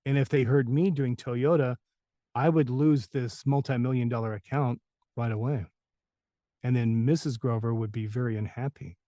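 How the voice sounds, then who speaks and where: A man impersonating an older male voice actor who speaks slowly and deliberately, with veiled threats. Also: mid-range voice, steady tone, dark tone, dry recording, close to an everyday voice. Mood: warning.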